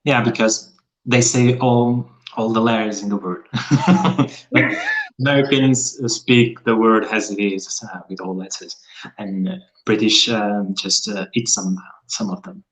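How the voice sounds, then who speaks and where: A young man, speaking English in casual chat. His voice sits on the low side, and he keeps things chatty and playful, often with a joke. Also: steady tone, unhurried, rough recording. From Portugal. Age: young adult. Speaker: conversation partner.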